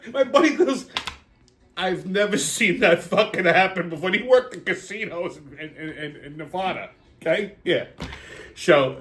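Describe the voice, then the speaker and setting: A man's voice: high-pitched, a bit bright. A middle-aged man hosting a show, telling a rambling story in a casual, profane and sardonic way, often laughing as he talks. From New York. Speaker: podcast host.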